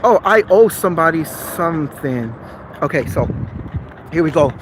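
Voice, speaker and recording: A man's voice: on the high side, animated, moderate pace, a little hiss or hum, poor audio. A man in a casual livestream chat with viewers, chatty, earnest and apologetic. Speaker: vlogger.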